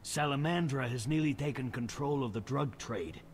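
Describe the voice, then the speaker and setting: An actor playing a smug, scheming city official who chuckles while giving orders. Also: male voice, mid-range voice, moderate pace, a little hiss or hum, natural voice. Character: scheming male city official handing out dirty jobs.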